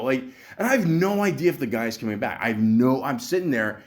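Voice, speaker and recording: A man's voice: a little high, very animated, fast talker, few pauses. A man telling a story on his podcast in a casual, profane rant, full of stammered restarts and acted-out dialogue. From Canada. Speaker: podcast host.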